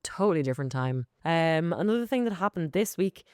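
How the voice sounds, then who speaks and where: A woman co-hosting a music podcast, chatting casually in quick bursts. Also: sits low, lively intonation, darkish tone, smooth, no echo, studio quality. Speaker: podcast co-host. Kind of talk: casual chat about music.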